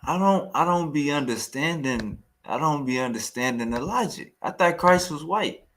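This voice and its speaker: A man's voice: on the high side, lively intonation, moderate pace, fairly bright tone, slight background noise. A man hosting a reaction video, commenting in a slangy, repetitive and mocking way on a debate clip. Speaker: reaction host.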